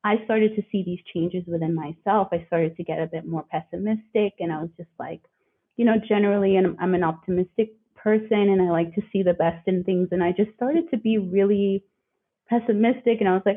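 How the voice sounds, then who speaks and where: A woman's voice: medium pitch, brisk. Earnest woman guest on a thin call line. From living in Australia. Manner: reflective, earnest, quotes others in lively voices. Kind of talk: conversational interview. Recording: phone-like remote call audio.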